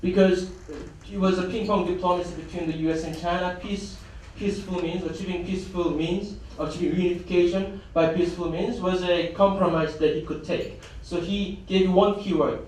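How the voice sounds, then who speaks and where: A man's voice: sits high, steady tone, normal speed, few pauses, a little mellow, recorded from a distance, slight background noise. A man giving a symposium presentation in a conference hall, hesitant, with many fillers and restarts. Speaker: conference speaker.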